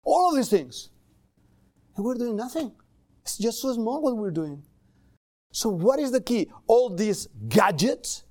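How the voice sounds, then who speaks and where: A male pastor preaching a sermon in a church in accented English with small grammar slips, conversational and animated. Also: very high voice, a little slow, long pauses, no room sound. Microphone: livestream camera mic.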